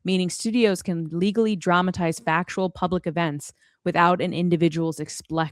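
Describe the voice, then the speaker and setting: A woman's voice: on the low side, steady tone, normal speed, dry recording, clean studio sound. A young adult woman co-hosting a podcast who chats casually and gives blunt, exasperated opinions with lots of fillers. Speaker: podcast co-host. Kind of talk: casual chat.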